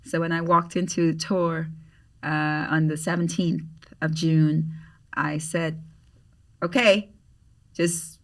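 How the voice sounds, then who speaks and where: Gravelly Grenadian woman telling a story. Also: deep voice, unhurried, distant mic. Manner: animated, acts out quoted voices. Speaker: podcast guest. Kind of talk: storytelling in conversation.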